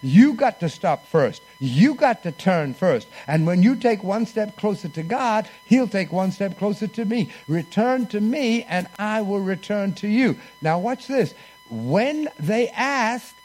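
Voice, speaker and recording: High-voiced preacher man telling a story. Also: expressive, unhurried, darkish tone, faint music behind. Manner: storytelling with call-and-response. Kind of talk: sermon. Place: church.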